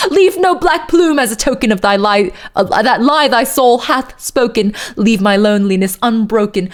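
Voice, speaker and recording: A woman streamer doing a dramatic poetry reading in a put-on posh British accent, theatrical and drawn out, echoing repeated words. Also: medium pitch.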